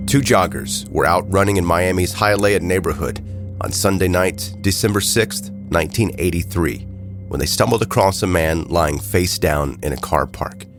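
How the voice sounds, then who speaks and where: A man's voice: sits low, moderate pace, music in the background. A man hosting a true crime podcast, narrating a scripted story with wry, joking asides while he has a head cold. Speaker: podcast host.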